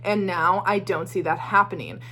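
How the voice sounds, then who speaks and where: A woman's voice: medium pitch, steady tone, normal speed, sharp tone, a little hiss or hum. A young woman chatting casually in a reading vlog, emotional and rambling, swearing and laughing between thoughts. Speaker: book vlogger.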